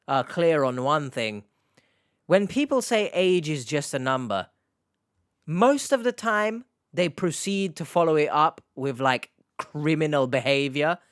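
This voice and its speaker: A man's voice: a little high, fairly bright tone, smooth, no room sound, studio quality. A man hosting an online reaction video, giving sarcastic, mocking commentary in a casual way.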